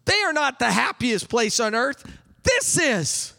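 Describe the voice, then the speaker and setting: High, bright-voiced male preacher in an echoing hall. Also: big pitch swings, slow pace, creaky. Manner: exuberant preaching, bursts into yelling; leads congregation call-and-response. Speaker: pastor. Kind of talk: sermon. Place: church sanctuary.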